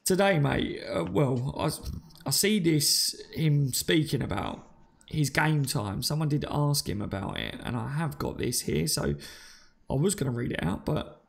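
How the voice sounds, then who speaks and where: A man's voice: fairly high pitch, expressive, a little slow, creaky. A man hosting a live fan stream, chatting casually, reading out viewer comments and calling people mate and buddy. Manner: chatty and matey, calls listeners mate and buddy.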